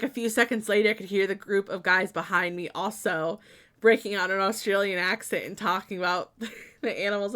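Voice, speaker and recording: A woman's voice: mid-range voice, fairly bright tone. A young woman streaming a building game, chatting casually with lots of fillers and giggles.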